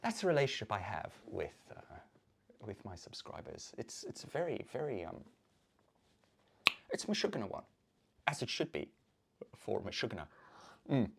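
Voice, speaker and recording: Vlogger, swings from shouting to muttering, swears, repeats lines, voice leaps up and down. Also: huge pitch swings, moderate pace, vocal fry, long pauses, slight background noise. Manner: profane, swings between loud outbursts and low muttering; theatrical, repeats words over and over. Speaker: YouTuber. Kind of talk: ranting monologue to camera.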